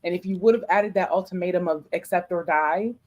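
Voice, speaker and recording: A woman's voice: fairly low pitch, brisk, a little mellow. A woman co-hosting a podcast in casual chat, making her points emphatically and with strong opinions. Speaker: podcast co-host.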